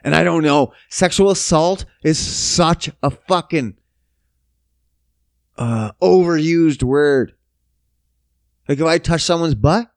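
A man's voice: a little high, no room sound, clean studio sound. A man ranting casually, profane, sarcastic and rambling. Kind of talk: casual rant.

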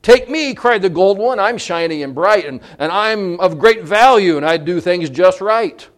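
A man's voice: high-pitched, expressive, moderate pace, voice pushed up. A man reciting a poem and voicing a boastful golden vessel that begs to be chosen. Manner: bragging, raised and insistent. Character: boastful shiny golden vessel, proud and eager.

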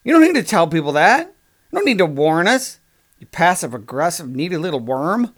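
A man's voice: a little high, very animated, fairly quick, fairly bright tone. A man hosting a podcast, ranting in a sarcastic, crude, exasperated comedic monologue. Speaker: podcast host.

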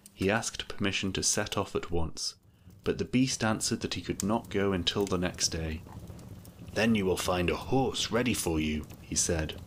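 A man reading a fairy tale aloud as a storyteller, in an even, measured way. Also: low-pitched, slight background noise.

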